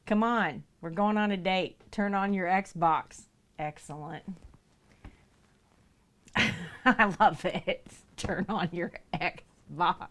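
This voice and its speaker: Speaking very slowly with frequent pauses, this woman has a fairly bright tone as she livestreams. She chats casually with viewers, laughs a lot and reads their messages aloud, and her voice goes high and sing-song whenever she talks to her cats.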